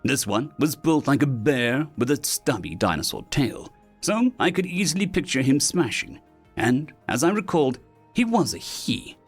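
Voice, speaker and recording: A man's voice: mid-range voice, sing-song, moderate pace, husky, soft background music. A man reading sci-fi short stories aloud as scripted narration.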